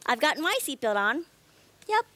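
A woman presenting a children's TV show, playing a police officer in a giggly, singsong, slowly exaggerated way. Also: high-pitched, big pitch swings, sharp tone, no echo. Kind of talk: playful children's TV role-play. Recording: music under voice.

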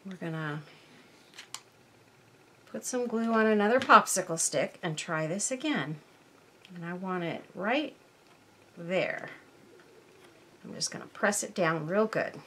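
Woman, craft tutorial host, bright voice, talks through each step as she works. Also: lowish voice, animated, measured pace, pauses often, a little hiss or hum. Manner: chatty, thinks aloud while working. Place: craft workbench.

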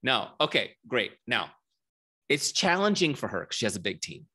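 A man's voice: medium pitch, very animated, moderate pace, bright, forceful tone, slightly rough. A middle-aged man giving a casual, chatty training talk, often asking the group questions. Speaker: software founder and trainer.

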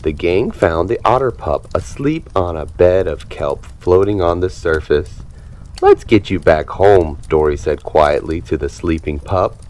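A man reading a children's picture book aloud with expressive, animated storytelling. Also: sits low, a little slow, few pauses. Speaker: storybook reader.

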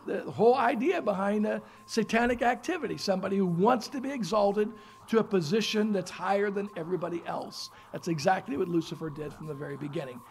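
Lively preacher in an echoey hall. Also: mid-range voice, a little hiss or hum. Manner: animated, asks rhetorical questions and checks in with "okay?". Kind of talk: sermon teaching on a Bible story. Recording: echoey room from a distant mic with music.

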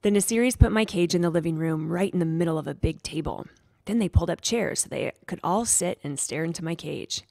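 A woman reading a children's chapter book aloud with gentle, expressive storytelling. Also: lowish voice, fairly quick, vocal fry, no room sound, studio quality. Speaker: storybook reader.

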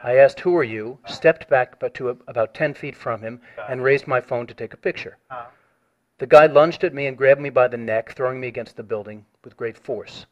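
A man on a recorded phone call, formally reading out a written complaint and pressing his point. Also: mid-range voice. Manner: measured, formal, reads a written statement.

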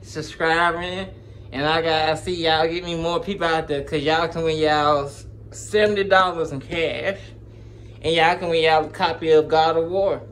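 A man's voice: a little high, fairly bright tone, a little hiss or hum. A man chatting casually to his channel, rambling in slang and laughing often as he jumps between topics, recorded on a phone. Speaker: gaming YouTuber. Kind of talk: casual vlog chat.

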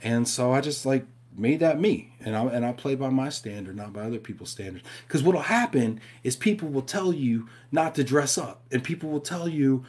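A man's voice: mid-range voice, animated, normal speed, few pauses, a little mellow, husky. A man hosting a live stream from home, chatting casually and reading viewer questions, upbeat and talking straight to his audience. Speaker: host of a live show.

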